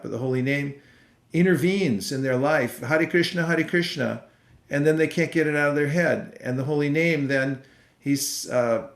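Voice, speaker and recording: A man giving an online devotional lecture and answering live questions, speaking in an unhurried, conversational way with frequent fillers. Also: mid-range voice. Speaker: temple speaker. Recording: roomy echoey sound.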